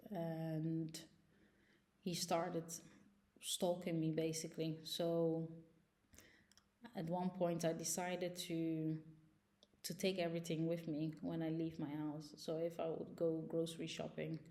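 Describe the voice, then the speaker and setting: Low-voiced young woman, agitated storytelling. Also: warm tone. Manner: agitated, recounting with frequent fillers and restarts. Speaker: vlogger. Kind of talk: personal storytelling.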